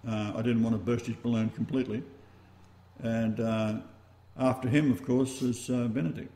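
A man with an Australian accent hosting a talk-radio show, rambling and halting as he goes. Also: medium pitch, level tone, warm tone, roomy sound. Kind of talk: casual talk-radio chat.

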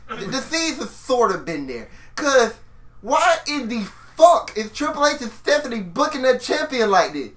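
A man's voice: extremely high pitch, very animated, normal speed, fairly bright tone. A man co-hosting a casual wrestling chat, opinionated and ranting, swearing freely. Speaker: podcast co-host.

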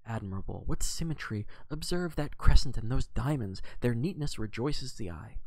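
A man reading aloud, voicing a fussy, precise elderly male detective who talks in a brisk, exacting way with French phrases. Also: mid-range voice, lively intonation, a little mellow, no echo. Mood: admiring.

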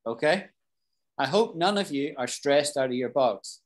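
A British man teaching an English class, explaining expressions slowly, repeating key phrases and asking his students questions. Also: mid-range voice, lively intonation. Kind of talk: live online English lesson.

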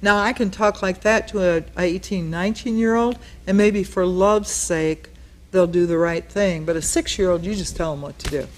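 A woman pastor with a fairly low voice leads a Bible study in a studio, speaking at normal speed in a casual, conversational teaching style. She explains what words mean and acts out the quotes she reads.

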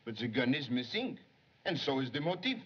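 An actor playing an excitable young male police secretary who longs to be a detective, in 1930s film acting, jumpy and pleading. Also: medium pitch, a little fast, slightly rough. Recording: dull 1930s film soundtrack.

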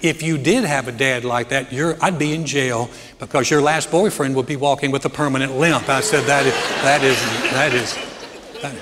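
A middle-aged man preaching a sermon as pastor, telling family stories and growing animated as he jokes. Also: medium pitch, a little hiss or hum. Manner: storytelling, animated when joking. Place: church hall. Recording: church hall with long reverb.

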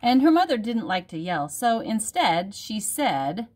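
A woman, a teacher, reading a picture book aloud at home for her class in a gentle storytelling manner. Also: medium pitch, very animated, measured pace.

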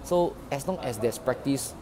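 A man's voice: medium pitch, lively intonation, moderate pace, a crowd in the background. A man, a sales trainer giving casual tips to the camera in a chatty, loosely phrased way. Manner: chatty, loose phrasing with frequent "you know" and "lah".

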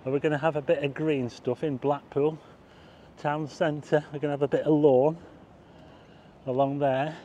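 A man's voice: on the high side, level tone, moderate pace, dark tone, slight background noise. A man giving a chatty, rambling walking-tour commentary outdoors at night, pointing things out to his viewers. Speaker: vlogger. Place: outdoors, car park roof and town streets at night.

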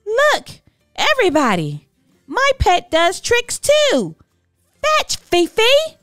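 A woman voicing a spiteful, sulky young girl with a shrill, whiny voice in a children's storybook. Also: huge pitch swings, slow pace, no room sound, clean studio sound, soft background music, full character voice.

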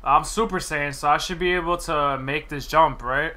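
A young man streaming gameplay, chatting casually and excitedly with slang and frequent laughs. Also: fairly high pitch, normal speed.

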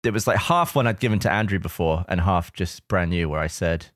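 A man's voice: low voice, brisk, dry recording, clean studio sound. A man co-hosting a podcast in casual chat, self-deprecating, laughing often and filling his speech with "like". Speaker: podcast co-host.

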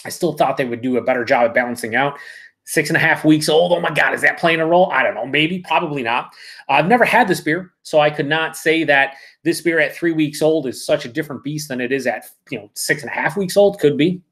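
A man's voice: on the high side, fairly quick, fairly bright tone. A man hosting a live beer review, talking casually and reading out viewer comments, rambling and correcting himself.

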